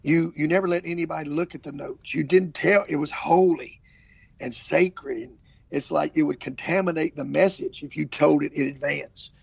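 A man's voice: on the high side, normal speed, vocal fry, husky, no echo, muffled recording. An older man, an evangelist telling stories in a casual interview and acting out what people said. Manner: animated storyteller, acts out quotes. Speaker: traveling evangelist preacher.

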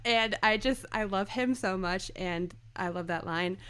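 A woman's voice: medium pitch, unhurried, fairly bright tone, clean tone. A woman co-hosting a casual podcast, gushing and laughing as she quotes favorite lines. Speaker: podcast co-host.

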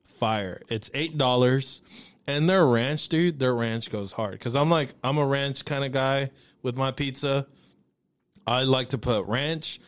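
A man's voice: medium pitch, unhurried. A man ranting jokingly and swearing freely in casual chat. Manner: profane, ranting, jokey.

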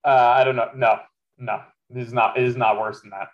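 A man co-hosting a sports podcast in relaxed, matter-of-fact casual chat. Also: medium pitch, fairly quick, dull audio. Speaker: podcast co-host.

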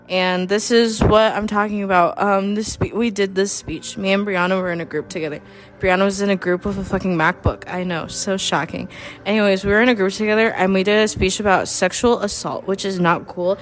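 A woman's voice: medium pitch, fairly even intonation, fairly quick, slight background noise. A tipsy young woman joking as a mock news anchor, rambling and profane, often losing her thread. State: tipsy from drinking. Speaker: student friend.

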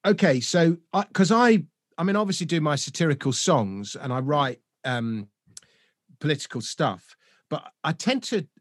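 Dry co-host, very lively pitch. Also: male voice, moderate pace, dry recording. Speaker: co-host, satirical songwriter. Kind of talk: casual comedic chat.

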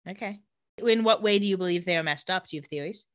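A woman's voice: quick pace, dry recording, studio quality. A woman co-hosting a podcast, casually recapping a TV episode and acting out the characters' lines. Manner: animated, dips into low voices for characters. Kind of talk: casual chat with acted-out quotes.

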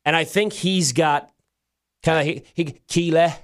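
A man co-hosting a show, chatting excitedly and casually, with frequent restarts. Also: on the high side, normal speed. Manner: excitable, animated, restarts often. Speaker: radio show co-host. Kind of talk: casual chat.

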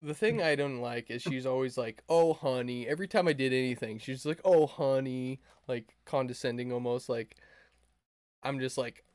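A man's voice: medium pitch, normal speed, no room sound. Rambling young man, crude and dry. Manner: rambling, crude, laughing storyteller with many fillers. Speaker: podcast co-host. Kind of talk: casual podcast chat.

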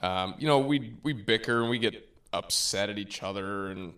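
Low-voiced man telling a caddie story. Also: moderate pace, clear, resonant tone. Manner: relaxed, rambling, self-correcting. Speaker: tour caddie, guest. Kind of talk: casual storytelling.

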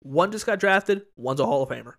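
Speaking fairly quickly and expressively, this sports podcast co-host has a somewhat high male voice. He rambles through casual conversation on a podcast microphone, repeating himself and cursing freely.

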